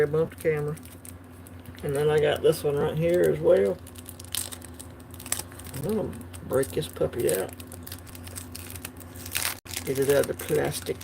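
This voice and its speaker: A man's voice: fairly high pitch, vocal fry, darkish tone, a little hiss or hum. A man hosting a coin collecting channel, chatting casually and laughing easily while unboxing on a livestream.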